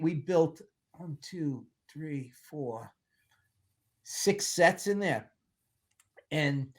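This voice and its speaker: A man in a casual interview, telling lively stories about making films and acting out what people said. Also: fairly high pitch. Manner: animated storyteller, acts out quotes, laughs often. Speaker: film producer guest.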